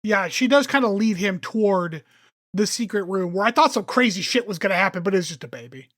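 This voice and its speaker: A woman weighs in on a TV episode in a casual podcast chat. Her pitch swings widely as she argues her points, cursing casually and slipping into short voiced quotes. The recording is close and dry with no room sound. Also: no room sound. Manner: animated, opinionated, swears freely, acts out quick quotes. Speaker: podcast co-host and commentator.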